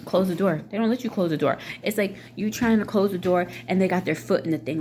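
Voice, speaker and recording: A woman's voice: lowish voice, fast talker, few pauses, darkish tone, a little hiss or hum. A middle-aged woman ranting casually to camera, blunt and swearing freely, with many fillers. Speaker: vlogger.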